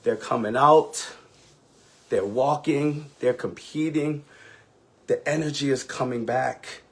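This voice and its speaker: A man's voice: medium pitch, takes it slowly, breathy edge. A man who is a ballroom house mother, telling an emotional, candid and profane story on a live stream with sassy, dramatic delivery.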